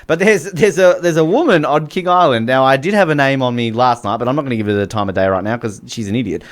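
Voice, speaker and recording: A man's voice: mid-range voice, fast talker. An Australian man hosting a radio show in casual, joking banter. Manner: joking, rambling, laughs often. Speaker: radio host.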